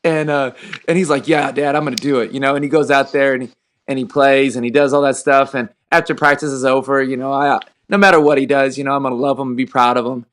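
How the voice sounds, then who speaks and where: A man's voice: medium pitch, steady tone, fast talker, fairly bright tone. Talkative man telling stories. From Texas. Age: 30s. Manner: storytelling, acts out dialogue, laughs while telling. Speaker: podcast host and high school football coach. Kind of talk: casual podcast conversation.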